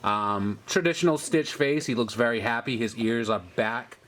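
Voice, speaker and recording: A man's voice: medium pitch, normal speed, a bit bright, a little hiss or hum. Upbeat chatty male toy reviewer. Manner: upbeat, chatty, explaining details. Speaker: host of a toy review channel. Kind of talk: casual toy review chat.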